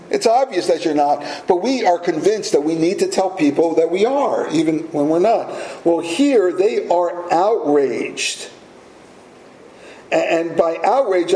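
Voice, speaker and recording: A man's voice: high-pitched, darkish tone, slight background noise. A man preaching a sermon as pastor, emphatic and fond of rhetorical questions. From United States. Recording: roomy echo, faint ambience.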